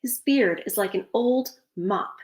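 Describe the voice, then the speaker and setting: A woman's voice: medium pitch, a little slow, echoey room, lightly acted. Woman reading as a spiteful, haughty princess.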